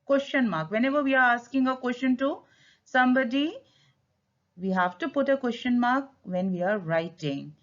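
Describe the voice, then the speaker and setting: A woman's voice: on the high side, normal speed, fairly bright tone. A woman with an Indian English accent teaching a grammar lesson, stressing key words and slipping into Hindi to explain. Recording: dull lo-fi sound.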